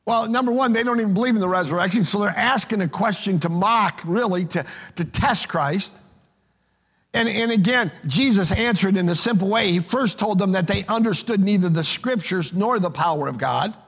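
A man's voice: high-pitched, moderate pace, a bit bright, breathy edge. A pastor preaching an emphatic sermon, often repeating words as he starts a phrase. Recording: long reverb of a large hall.

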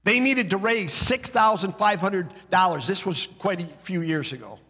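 A man's voice: high-pitched, normal speed, sharp tone, slightly rough, in a large hall. A male pastor preaching a sermon, emphatic, building his points through rhythmic repeated lists.

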